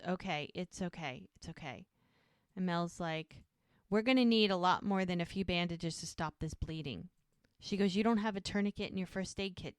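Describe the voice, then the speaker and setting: Woman retelling a tv episode on her podcast, quoting everyone's lines, crisp voice, no room echo. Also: on the low side, clean studio sound. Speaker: podcast co-host. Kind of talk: casual episode recap.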